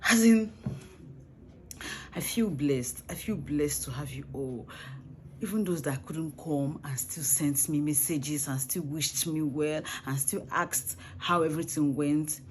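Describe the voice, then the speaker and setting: A woman's voice: deep voice, unhurried, a little mellow. A young woman chatting casually in a vlog, exclaiming over each item she talks about. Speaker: vlogger. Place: home party. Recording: noisy home recording.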